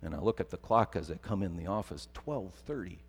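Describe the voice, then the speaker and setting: A man's voice: deep voice, expressive, fairly quick, gravelly, breathy edge. A middle-aged man preaching a sermon, telling stories and building to emphatic repetition. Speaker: pastor. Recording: long hall reverb.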